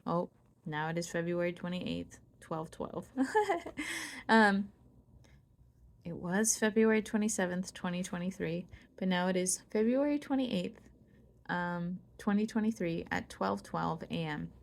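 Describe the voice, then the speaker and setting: A woman reading aloud her own spiritual writing in a soft, musing way. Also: lowish voice, expressive, a little slow, gravelly. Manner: soft-spoken, musing, laughs at herself. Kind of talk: reflective spiritual monologue.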